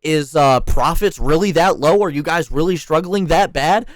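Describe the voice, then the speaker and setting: A man's voice: on the high side, normal speed, dry recording. A young man worker ranting heatedly about management, swearing often and turning sarcastic. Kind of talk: angry ranting monologue.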